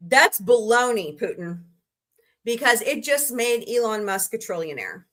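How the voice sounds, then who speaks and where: A woman's voice: a little high, big pitch swings, unhurried. A woman from Missouri hosting a casual live stream, chatty and rambling with frank asides to her viewers. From Missouri, USA. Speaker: livestream host.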